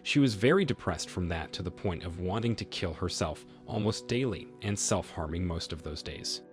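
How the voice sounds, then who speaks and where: Low-voiced man narrating with lively pitch. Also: normal speed. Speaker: story narrator. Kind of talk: reading a first-person story aloud. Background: faint background music.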